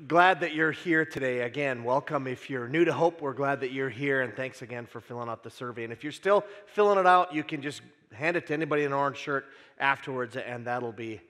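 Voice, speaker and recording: A man's voice: medium pitch, brisk, few pauses, fairly bright tone. A man preaching a sermon as pastor, casual and joking, with frequent "uh" fillers. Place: church sanctuary. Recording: long church hall reverb.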